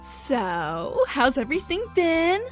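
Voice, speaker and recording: Gal doing a sugary baby-voiced waitress, super high and bouncy, all friendly, faint game music under it. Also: female voice, big pitch swings, takes it slowly, heavily acted. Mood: chirpy. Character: bubbly friendly young woman waitress. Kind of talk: reading game dialogue aloud.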